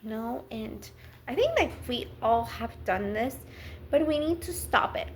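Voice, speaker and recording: A woman's voice: fairly high pitch, expressive, measured pace, a little hiss or hum. A woman giving a casual Bible talk in a chatty, rambling, earnest way. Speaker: Bible teacher.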